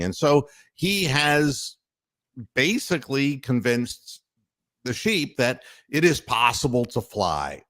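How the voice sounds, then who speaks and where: A man hosts a casual sports talk podcast, speaking slowly in a medium-pitched voice. He tells stories animatedly, with bursts of mock outrage and frequent laughter.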